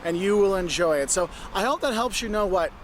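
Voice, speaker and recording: High-voiced man giving travel tips. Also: expressive, brisk, slight background noise. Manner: instructive, repeats points, checks with "okay?". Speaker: travel vlogger. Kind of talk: travel advice vlog.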